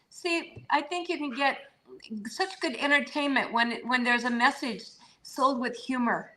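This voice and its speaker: A chatty older woman with a bright, fairly high voice talks from home over a video call. She rambles warmly, laughs easily and fills her pauses with ums as she chats as a guest. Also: slight background noise, low-quality recording. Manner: warm, chatty, laughs often, trails off with fillers. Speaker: actress guest. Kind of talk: casual interview chat. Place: home with pets around.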